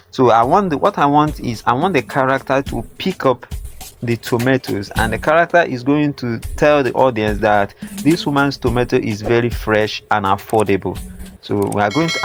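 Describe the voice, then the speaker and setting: A man hosting a step-by-step tutorial, repeating himself and filling pauses with "uh" as he explains. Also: fairly low pitch. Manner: repetitive, filler-heavy, instructive. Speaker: tutorial host.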